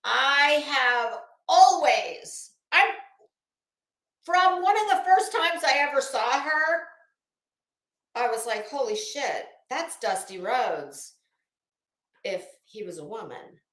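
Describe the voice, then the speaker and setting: A woman's voice: high voice, lively intonation, slow pace, pauses often, fairly bright tone, echoey room. A woman hosting a casual live stream, greeting viewers by name and swearing freely. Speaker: livestream host.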